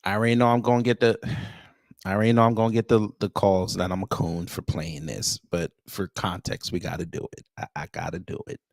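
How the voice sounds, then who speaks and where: A man's voice: low voice, flat delivery, a little fast, creaky, no room sound, clean studio sound. A man hosting casual reaction commentary, talking to his viewers as family with frequent stammered restarts. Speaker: commentary show host.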